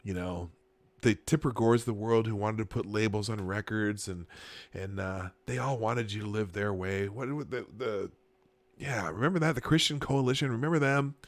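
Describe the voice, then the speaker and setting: A man's voice: on the low side, moderate pace, dry recording. A man from Minnesota, hosting a live stream, reading chat and news with chuckles and sarcastic asides. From Minnesota, USA. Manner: chuckling, sarcastic asides, frequent filler restarts.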